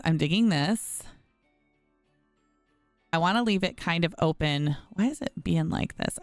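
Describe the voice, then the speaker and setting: A woman with a lowish, smooth voice, recorded with no echo, chats casually as she plays a home-building game. She's a gaming streamer who gets frustrated often and talks to her viewers, calling them "y'all."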